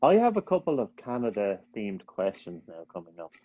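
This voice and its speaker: A man hosting a podcast, firing off quick playful questions and laughing easily. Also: fairly low pitch, wildly swooping pitch, no echo, highs cut off. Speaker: podcast host. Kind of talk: rapid-fire interview questions.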